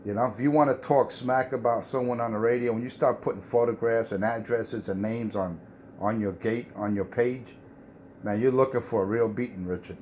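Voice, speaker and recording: A man trash-talks a rival over a CB radio, lecturing him in a mocking, repetitive way. His voice sits at an average pitch, with faint hiss behind it. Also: fairly even intonation, normal speed, lo-fi sound. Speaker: CB radio operator. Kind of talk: trash-talking radio banter.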